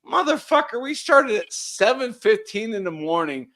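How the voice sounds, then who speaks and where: A man in his forties tells a story in casual conversation. His voice sits fairly high, and he swears freely as he goes. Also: normal speed. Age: 40s. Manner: animated storytelling with profanity. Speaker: host. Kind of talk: casual chat.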